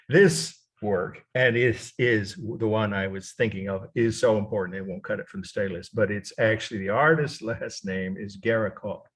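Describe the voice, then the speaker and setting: A man's voice: lowish voice, breathy edge. A middle-aged man teaching a college art history lecture, rambling and correcting himself as he goes, spelling names out letter by letter.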